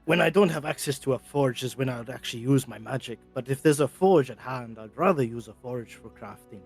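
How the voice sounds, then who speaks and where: A man playing a tabletop game, speaking quickly and casually about his character's actions. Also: mid-range voice, vocal fry, a little mellow, slightly rough, soft background music. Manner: quick, casual, laughing asides. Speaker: player. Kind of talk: tabletop role-play.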